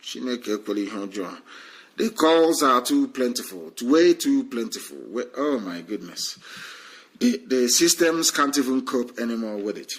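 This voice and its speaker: A man's voice: mid-range voice, expressive, normal speed, low-quality recording. A man hosting a live call-in stream, fervent and repetitive, often talking over his callers. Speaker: live stream host taking calls. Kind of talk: call-in talk show.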